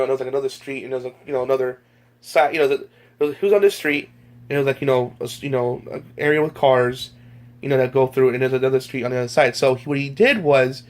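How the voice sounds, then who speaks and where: A young man talking casually to his viewers in a rambling vlog, full of restarts and fillers. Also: on the high side. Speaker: YouTuber.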